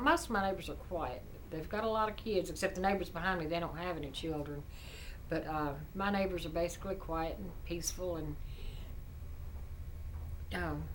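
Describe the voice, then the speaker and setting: Chatty middle-aged woman, bright voice. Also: fairly low pitch, slight background noise, rough recording. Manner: chatty, indignant, repeats "I said". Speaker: vlogger. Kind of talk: casual storytelling rant.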